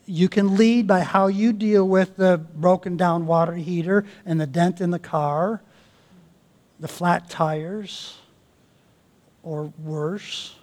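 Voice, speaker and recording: A man with a notably high voice delivers an earnest sermon, pressing his congregation with questions one after another. He speaks as a pastor addressing a church from the pulpit. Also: darkish tone. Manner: earnest, exhorting, with rhetorical questions.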